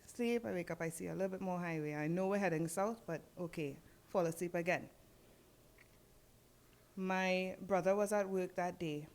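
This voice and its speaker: A woman with a Trinidadian accent, a podcast guest telling her story in a casual interview and acting out the dialogue in a lively way. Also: lowish voice, moderate pace.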